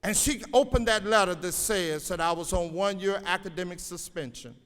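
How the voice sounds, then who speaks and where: Older male educator, high voice, folksy motivational commencement speaker, long hall reverb. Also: normal speed, a bit bright, smooth. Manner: folksy storytelling, exhorting the crowd. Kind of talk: motivational graduation speech. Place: large auditorium.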